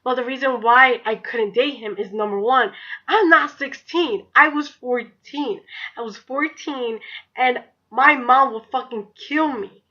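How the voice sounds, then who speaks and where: A woman's voice: high voice, measured pace, pushed and bright, lo-fi sound. A young woman, telling a story in a chatty, profane way, leaning on "like.". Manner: chatty, profane, heavy use of "like". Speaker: vlogger. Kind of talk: casual storytime.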